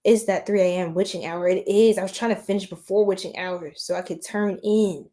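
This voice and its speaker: A woman's voice: mid-range voice, steady tone, a little fast, dark tone. A woman reading tarot on a late-night livestream, chatting with viewers in a giggly, scattered and tired way.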